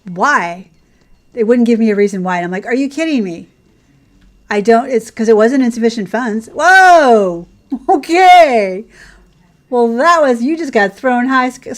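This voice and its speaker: A woman hosting casual gameplay commentary, chatting in a rambling way and cooing at the horses on screen. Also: medium pitch. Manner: chatty and rambling, coos at her horses, laughs often. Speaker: gaming channel host.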